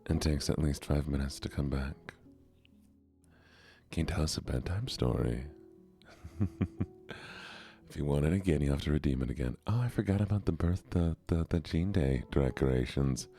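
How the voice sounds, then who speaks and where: A man who is feeling sick, soft-spoken and gentle while hosting a gaming stream. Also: very deep voice, moderate pace, long pauses, soft background music.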